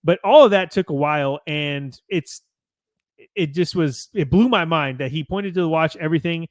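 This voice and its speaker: An American man hosts a podcast and runs through match results from his notes. He talks in a chatty way and often corrects himself, in a slightly high voice. The mic is close and dry. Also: normal speed, no room sound. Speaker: podcast host. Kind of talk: reading a match recap with casual asides.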